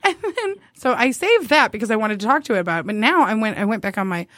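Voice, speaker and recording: A woman's voice: a little high, big pitch swings, fast talker, a bit bright, no echo, studio quality. A young woman co-hosting a podcast, casually reading dating-app messages aloud and giggling often. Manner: giggly, often laughing while telling a story. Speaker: podcast co-host.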